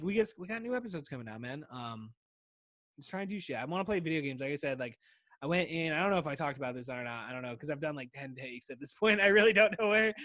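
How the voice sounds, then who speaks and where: High-voiced rambling podcast host man. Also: sharp tone, no echo. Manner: rambling, swears often, says "dude" constantly. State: voice wearing out. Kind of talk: casual solo podcast chat.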